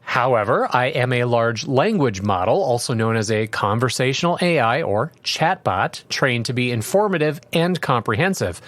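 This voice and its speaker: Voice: mid-range voice, lively intonation, normal speed, few pauses, no echo, lightly acted. A voice playing a chipper rambling chatbot AI. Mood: explanatory. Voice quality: chipper, rambling, boilerplate helpfulness. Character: overly polite chatbot AI, cheerful and unhelpful. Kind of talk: comedic reading of chatbot replies.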